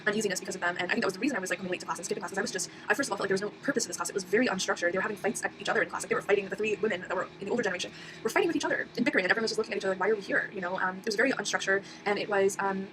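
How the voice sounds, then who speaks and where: Young woman, casual rambling storyteller, very rapid delivery, noisy recording. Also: mid-range voice. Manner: rambling, fast, full of fillers and restarts. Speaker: vlogger. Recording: audible background noise.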